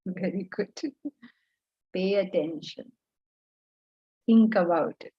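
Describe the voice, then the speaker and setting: A woman with an Indian accent teaching Vedanta to students, animated and scolding, full of rhetorical questions. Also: lowish voice, slow, highs cut off. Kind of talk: lecture to students.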